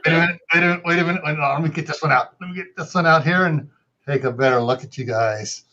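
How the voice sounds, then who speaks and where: A man's voice: on the high side, quick pace, sharp tone. Joking man on a lo-fi video call. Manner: playful, mock-menacing jokes, rambling. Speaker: guest on a livestream panel. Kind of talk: casual joking chat. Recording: dull lo-fi audio.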